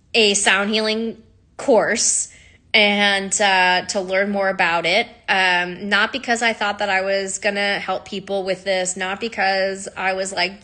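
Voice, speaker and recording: A woman's voice: medium pitch, pushed and bright. A woman who teaches sound healing, talking candidly and with feeling, with frequent laughs and the odd swear word. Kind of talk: casual storytelling monologue.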